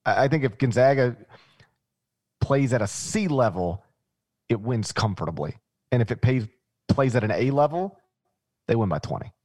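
A man's voice: medium pitch, expressive, moderate pace, long pauses, darkish tone, dry recording. A man co-hosting a podcast, giving blunt, emphatic takes on college basketball games. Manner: blunt, emphatic, repeats words for stress. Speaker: podcast co-host. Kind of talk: casual sports betting chat.

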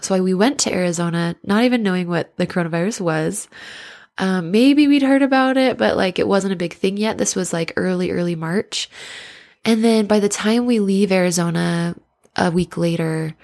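A woman's voice: lowish voice, normal speed, gravelly, darkish tone. A woman in her thirties hosting a casual podcast as a life coach, bubbly and chatty, laughing often, with a stuffy nose. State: stuffy nose from sinus blockage.

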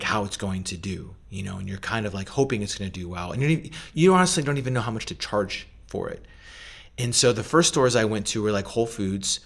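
A middle-aged man speaks in a relaxed, storytelling way, his voice sitting a little low. He drops plenty of fillers and slips into little performances of the people in his story. It sounds like a casual interview. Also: vocal fry. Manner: animated, acts out quoted voices, many fillers. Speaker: food company founder, guest.

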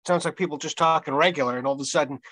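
A man in casual conversation with a fairly high voice, delivering his stories in a dry, deadpan way. He talks like a regular co-host among friends. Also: very fast, dry recording, low-quality recording. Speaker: podcast co-host. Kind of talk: casual chat.

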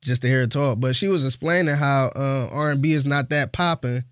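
A man's voice: medium pitch, a little fast, fairly bright tone, dry recording. A man co-hosting a casual group chat, talking in a laid-back, colloquial way with many fillers. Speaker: podcast co-host.

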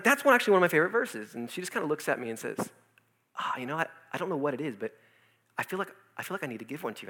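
A young man working as a youth pastor, telling a personal testimony in his office and acting out the voices of the people in his story. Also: on the high side. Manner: animated storytelling, acts out quoted voices.

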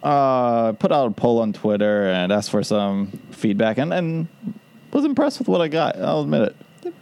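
A man's voice: medium pitch, very animated, normal speed, creaky, darkish tone, clean tone. A man co-hosting a casual podcast, rambling through his ideas and laughing at them. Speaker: podcast co-host.

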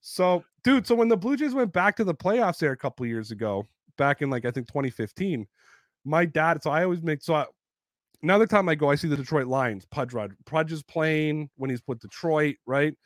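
A man in his thirties telling sports stories in a casual podcast chat, animated and heavy on swearing. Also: fairly high pitch, a little fast, no echo. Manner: profane, animated storyteller. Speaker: podcast co-host.

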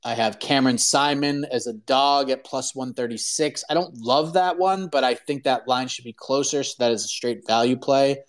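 A man's voice: mid-range voice, moderate pace, few pauses. A man hosting a show, chatting casually and rambling through his betting picks, laughing as he talks. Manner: relaxed, rambling, laughs while talking. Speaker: podcast host. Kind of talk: casual chat about fight betting.

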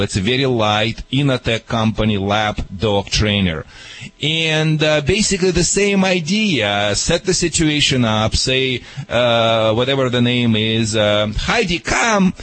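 Confident male dog trainer on call-in radio, emphatic, medium pitch. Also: a little slow, fairly bright tone, no room sound, poor audio.

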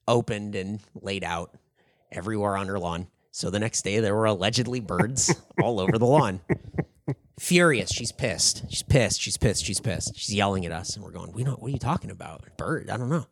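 A man's voice: lowish voice, no echo, clean studio sound. A man in his thirties co-hosting a podcast, telling stories in a rambling, casual way full of "like". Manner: rambling, lots of "like", animated retelling with laughs. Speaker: podcast co-host. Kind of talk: casual storytelling chat.

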